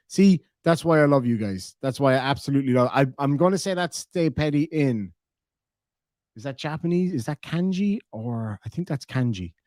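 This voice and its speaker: A man's voice: fairly high pitch, a little mellow, no echo, clean studio sound. A man with a Cork Irish accent chatting on a live stream, reading donations and reacting with sweary, joking banter.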